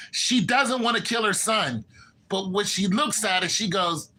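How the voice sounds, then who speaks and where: Animated man with a bright voice. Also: a little slow, low-quality recording. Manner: animated, acts out characters' lines with shifts in pitch. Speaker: TV show commentator. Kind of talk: casual recap and opinion.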